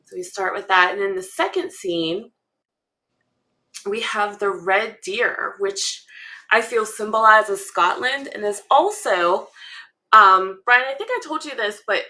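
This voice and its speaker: A woman co-host chats in an unhurried, meandering way, often pausing on an um before she goes on. Her voice is bright and forward. She sounds relaxed and conversational. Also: mid-range voice. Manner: chatty, thinking aloud with frequent ums and laughs. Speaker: podcast co-host. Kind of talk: casual fan analysis chat.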